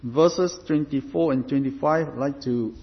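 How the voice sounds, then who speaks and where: A man preaching a sermon as pastor, deliberate and emphatic, stressing points through repetition. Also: medium pitch. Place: church. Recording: reverberant hall, dull lo-fi sound.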